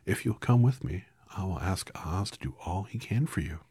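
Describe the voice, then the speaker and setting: A man's voice: low voice, lively intonation, normal speed, warm tone, breathy edge, dry recording, studio quality, voice pushed up, full character voice. A man reading Dorothy, a polite girl. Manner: polite, sympathetic. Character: young girl, polite and kind.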